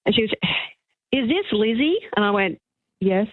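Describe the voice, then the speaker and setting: An older woman, calling in to a radio show. She tells a story in a chatty, halting way with many restarts and is emotional. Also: medium pitch, lively intonation, dry recording. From Australia. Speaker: caller, magazine journalist. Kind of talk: phone-in storytelling on talk radio. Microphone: telephone. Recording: tinny phone line, dry.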